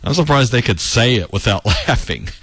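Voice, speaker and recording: A man's voice: mid-range voice, lively intonation, normal speed, fairly bright tone, slightly rough, no echo. A man hosting a talk show, giving casual political commentary in a sarcastic tone and laughing at his own remarks. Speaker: radio talk show host.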